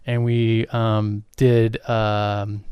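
A young man co-hosting a podcast, chatting casually in a loose, relaxed way with many fillers. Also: lowish voice, very slow, clean tone, no room sound, clean studio sound. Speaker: podcast co-host. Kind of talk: casual chat.

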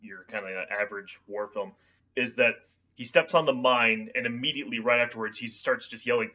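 A man co-hosting a casual podcast discussion, excitable, acting out quotes in loud bursts. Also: mid-range voice, fairly quick, muffled recording. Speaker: podcast co-host.

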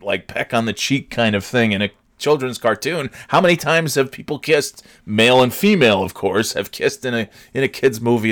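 Profane ranting man in his forties. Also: on the low side. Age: 40s. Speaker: podcast host. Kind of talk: casual solo chat.

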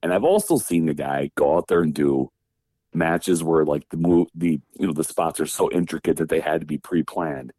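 Man from wisconsin, very low voice, warm and mellow, animated storyteller, dry close sound. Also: moderate pace, breathy edge, no room sound. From Wisconsin, USA. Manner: animated storyteller, acts out quoted voices, laughs often. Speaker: guest, former pro wrestler. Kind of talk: casual storytelling interview.

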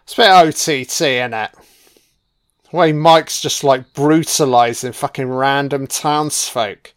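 A man's voice: mid-range voice, measured pace. A man giving a profane, sarcastic commentary on a film as it plays.

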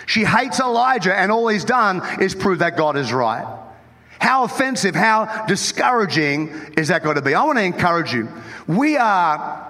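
A man with an Australian accent, the lead pastor, preaching an animated, joking sermon. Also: sits high. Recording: long hall reverb.

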